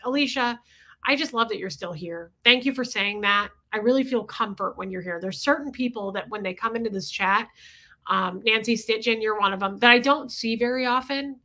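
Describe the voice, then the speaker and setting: At a moderate pace, this woman in her forties hosts a livestream with a bright, forceful voice on the high side. She chats candidly and confessionally, greets viewers in the chat, and swears casually.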